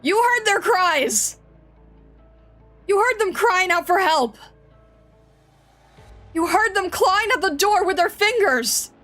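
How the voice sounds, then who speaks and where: A woman's voice: on the high side, unhurried, a bit bright. A woman voicing a stern young woman investigator who speaks coldly and accuses, over faint background music. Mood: furious. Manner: cold and accusing, rising to anger.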